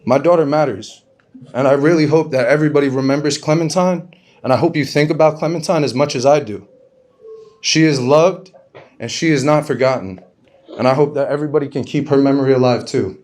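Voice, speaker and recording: A man stands up as a grieving father and speaks earnestly to a crowd. His delivery is halting, with short phrases and questions he repeats. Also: mid-range voice, darkish tone. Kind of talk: emotional public speech.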